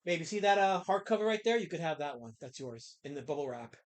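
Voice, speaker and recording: A man's voice: a little high, expressive, fast talker. A middle-aged man who creates comics, chatting casually on a live stream, rambling with many fillers and snapping back at his chat.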